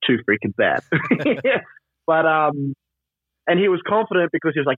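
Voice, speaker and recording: A man being interviewed about his wrestling persona, animated and rambling, laughing often and full of fillers. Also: on the high side, moderate pace, slightly rough, dry recording. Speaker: wrestler and trainer, interview guest. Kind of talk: casual interview over a call. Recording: tinny phone-like line, dry.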